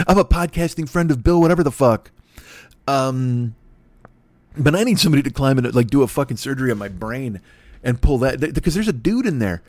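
A man's voice: medium pitch, expressive, a little fast, a little mellow, no echo. A man hosting a solo podcast, rambling in a profane, self-deprecating way. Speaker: podcast host.

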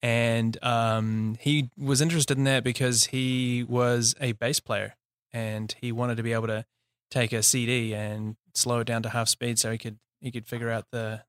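A man with a New Zealand accent, a company founder telling his story in a relaxed interview, laughing easily and pausing on fillers. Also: mid-range voice, smooth, dry recording, clean studio sound. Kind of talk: casual interview.

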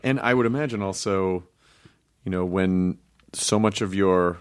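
A man hosting a relaxed conversation, feeling his way through questions with halting starts. His voice sits somewhat low. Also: clear, resonant tone. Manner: halting, searching for words. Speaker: interview host. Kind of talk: casual interview chat.

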